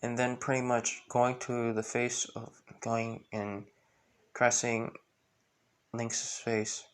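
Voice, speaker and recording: A man narrates a fan story in a rambling way, filling gaps with "pretty much" and restarts. His voice stays flat and level at a middle pitch. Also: slow pace, clear, resonant tone. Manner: rambling, full of fillers.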